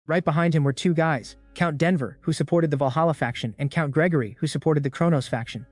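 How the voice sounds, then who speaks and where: Man, recap narrator, scripted narration, brisk, casual, slightly high voice. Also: darkish tone, no room sound, soft background music.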